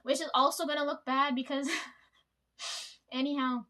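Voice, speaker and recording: A woman's voice: sits high, fairly even intonation, unhurried, bright, forceful tone. A young woman telling a workplace story to her viewers in a rambling, profane way, leaning on "right?" and "like". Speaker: vlogger.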